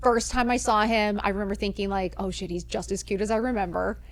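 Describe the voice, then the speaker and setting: A woman chatting as a podcast guest, spinning a lively story at a middling pitch. She acts out the lines of the people in her story with plenty of swearing, in an easy, casual way. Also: fairly quick. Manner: animated, acts out quoted dialogue, swears freely.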